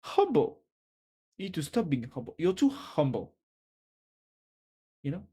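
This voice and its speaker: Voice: mid-range voice, sing-song, normal speed, mellow, husky. A streamer with a French accent, chatting casually on a live stream and teasingly giving a viewer a pep talk.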